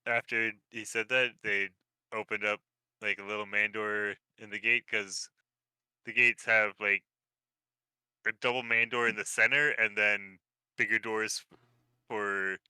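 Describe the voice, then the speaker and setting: Low, flat-voiced man running a tabletop game. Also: a little slow, long pauses, smooth, no echo, rough recording. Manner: relaxed, hesitant with many fillers. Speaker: game master.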